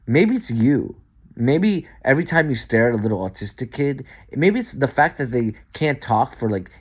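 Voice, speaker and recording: A man's voice: medium pitch, breathy edge. A man talking straight to the camera in a loose stream of thought. He swears freely and keeps tripping over and restarting his sentences. His voice drops to muttered asides and then jumps up for emphatic bursts. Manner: profane, stream-of-consciousness, many restarts and stumbles; swings between quiet asides and emphatic outbursts. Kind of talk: rambling monologue to camera.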